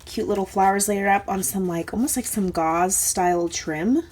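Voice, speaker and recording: A woman's voice: medium pitch, moderate pace, a little mellow. Gushing chatty woman unboxing crafts. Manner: gushing, chatty, lots of fillers. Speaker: craft channel host. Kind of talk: casual unboxing chat. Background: crinkling paper and clicks from handling mail.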